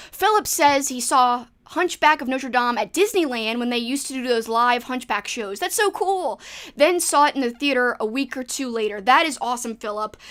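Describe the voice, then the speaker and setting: A woman's voice: on the high side, a bit bright. A woman with a New Orleans accent, hosting a casual livestream and chatting while reading viewer comments. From New Orleans, Louisiana. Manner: chatty, rambling, quick asides. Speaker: livestream host.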